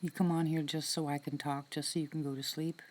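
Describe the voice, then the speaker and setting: Low, soft-spoken woman chatting outdoors. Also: flat delivery, fairly quick. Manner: soft-spoken, drops into whispers, chatty and heartfelt. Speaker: live-stream host. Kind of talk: casual live-stream chat with viewers. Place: outdoors in the woods at night.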